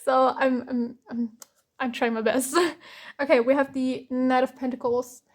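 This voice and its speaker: A woman's voice: sits high, flat delivery, measured pace. A young woman from Germany giving an emotional tarot reading, close to tears and hesitant, with many fillers and restarts. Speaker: tarot reader.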